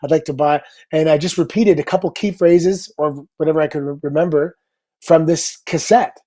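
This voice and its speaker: A middle-aged man, a guest on a talk show, telling a story in an upbeat, casual way with quick asides. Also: a little high. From Canada. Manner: lively anecdote teller, upbeat, quick asides.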